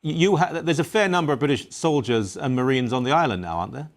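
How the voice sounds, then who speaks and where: A man's voice: medium pitch, lively intonation, fast talker. Opinionated male talk radio host. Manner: opinionated, assertive questioning.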